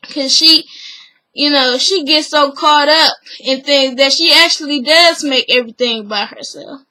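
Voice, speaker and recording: A woman's voice: high-pitched, moderate pace, pushed and bright, poor audio. A woman vlogger giving a chatty, opinionated, gossipy recap of a TV show, full of fillers.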